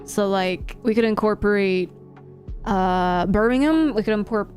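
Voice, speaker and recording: A woman's voice: medium pitch, measured pace, darkish tone, faint music behind. A young woman live streamer chatting casually with her audience, laughing often and reacting to chat.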